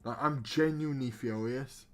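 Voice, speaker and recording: A man's voice: medium pitch, moderate pace, fairly bright tone, soft background music. A young man streaming a football manager game, commentating live with sarcastic, exasperated rants.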